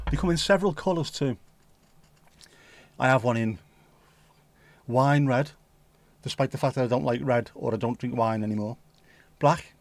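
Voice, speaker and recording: A man's voice: medium pitch, darkish tone, no echo. A man with a Scouse accent hosting a livestream, chatting casually in a rambling, jokey, sweary way. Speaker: livestream host. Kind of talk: casual chat.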